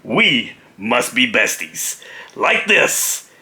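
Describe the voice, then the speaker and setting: A man, a motorcycle vlogger and former pro wrestler, telling a story casually, animated and laughing often. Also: medium pitch, drawn-out words.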